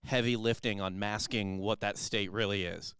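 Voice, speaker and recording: A man's voice: lowish voice, fairly even intonation, moderate pace, a bit bright, clear, resonant tone, no echo, studio quality. A man from Missouri co-hosting a casual podcast, joking around, swearing and mimicking voices. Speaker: co-host.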